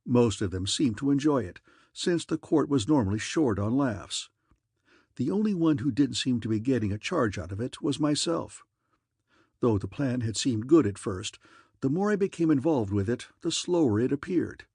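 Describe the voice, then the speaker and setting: A man's voice: medium pitch, animated, normal speed, darkish tone, breathy edge, no room sound, studio quality. A man reading an audiobook in wry, easygoing first-person narration.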